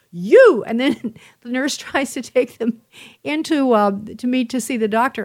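Woman, host, casual monologue, emphatic repetitions, slightly high pitch. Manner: animated storytelling, emphatic repetitions.

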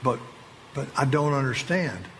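A man giving an emotional personal testimony to an audience, earnest and halting, with slow emphatic phrases. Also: mid-range voice, animated. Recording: long reverb of a large hall with faint ambient noise.

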